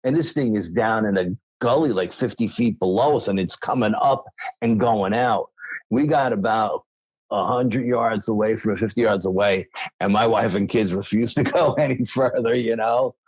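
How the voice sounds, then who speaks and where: Man, very low voice, middle-aged, from New York State, rambling interview guest, dry close sound. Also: normal speed, husky, dry recording, poor audio. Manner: animated storyteller, many fillers and restarts. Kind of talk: casual storytelling interview.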